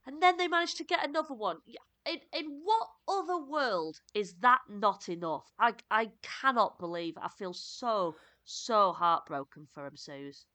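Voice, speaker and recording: A woman co-hosting a podcast, chatting casually and enthusiastically about football, with quick bursts and restarts. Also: a little high, expressive, pushed and bright. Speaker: podcast co-host.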